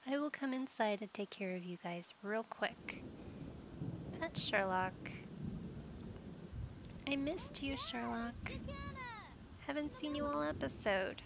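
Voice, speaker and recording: A woman's voice: fairly high pitch, lively intonation, slow pace, gravelly, pauses often, noisy background. A young adult woman casually commenting on her gameplay, cooing and doting as she talks to the pets in her game. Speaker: gaming channel host.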